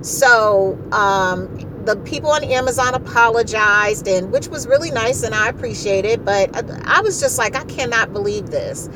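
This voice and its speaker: A middle-aged woman telling a story in a casual, animated way, exasperated and repeating herself for effect. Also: fairly high pitch, normal speed, few pauses, background noise.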